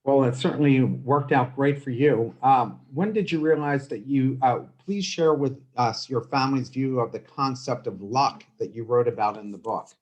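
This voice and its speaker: A man's voice: medium pitch, normal speed, few pauses, lo-fi sound. A man hosting a podcast, asking long conversational questions of his guest. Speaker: podcast host. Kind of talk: interviewing.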